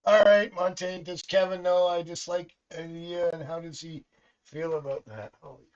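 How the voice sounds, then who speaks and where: Reading tarot live, this chatty middle-aged man wanders off into tales about his family and laughs frequently as he goes. His slightly high voice shows little pitch movement at a normal speed, over muffled, lo-fi stream sound.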